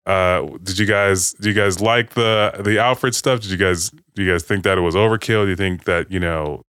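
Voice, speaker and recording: A man's voice: sits low, steady tone, moderate pace, a bit bright, clear, resonant tone, no echo. A man casually recapping a movie with friends, rambling, swearing and acting out lines.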